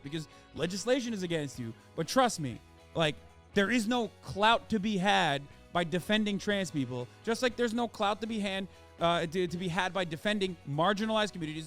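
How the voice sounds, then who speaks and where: A man's voice: high-pitched, expressive, fairly quick, fairly bright tone. Passionate, profane streamer man. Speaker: streamer in an archive clip. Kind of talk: impassioned stream rant. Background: faint music.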